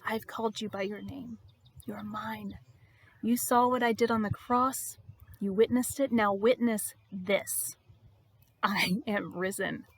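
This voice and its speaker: A woman voicing Jesus as a gentle, tender man speaking in a hushed, intimate way during a devotional reading. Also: fairly high pitch, little pitch movement, unhurried, slightly rough.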